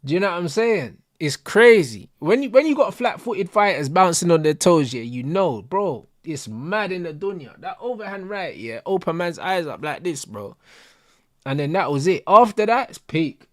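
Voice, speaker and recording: Animated man, dry close sound. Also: high-pitched, moderate pace, no room sound. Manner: animated slang-heavy banter, laughing. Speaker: host of a football watch-along stream. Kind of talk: casual stream chat.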